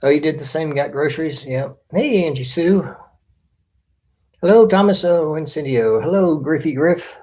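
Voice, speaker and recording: Man, fairly high voice, casual live-stream host, greets chat by name, relaxed at-home chatter. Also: normal speed. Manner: friendly, reads out viewer names one by one.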